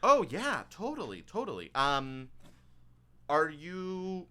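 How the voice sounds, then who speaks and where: A man's voice: a little high, huge pitch swings, pushed and bright, clean tone, pitched above the performer's own voice, exaggerated voice. A man putting on a chirpy eager elf bank clerk woman. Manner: chirpy, rushed salesy patter with many fillers. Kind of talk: tabletop game character voice.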